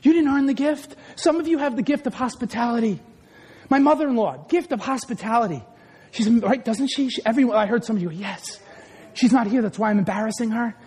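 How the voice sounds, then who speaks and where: A man preaching a sermon as pastor, loud and passionate, swinging between shouts and quieter asides. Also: very high-pitched, expressive, brisk, husky. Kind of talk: energetic sermon. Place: large hall or church. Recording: echoey hall.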